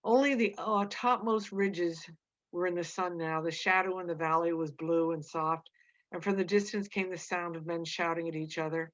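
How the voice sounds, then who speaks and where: A woman reading a novel aloud in a plain, steady narrating voice. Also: on the low side, normal speed. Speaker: reader. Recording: dull lo-fi recording.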